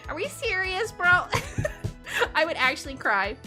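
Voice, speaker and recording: A woman's voice: very high voice, wildly swooping pitch, measured pace, over music. A woman from Canada chatting casually on a livestream, bubbly and giggly, rambling and laughing often. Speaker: streamer.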